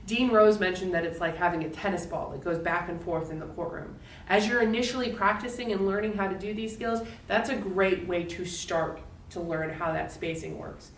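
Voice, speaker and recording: A woman giving a recorded lecture as a law instructor, explaining in a clear, steady way. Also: fairly low pitch, moderate pace, reverberant, recorded from a distance, a little hiss or hum, low-quality recording.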